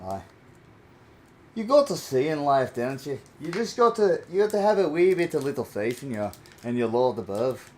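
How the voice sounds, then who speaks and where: A man's voice: mid-range voice, very animated, moderate pace, darkish tone, lightly acted. A man putting on an Irish accent to play a pious, folksy Irish man talking about faith. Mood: earnest. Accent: put-on Irish.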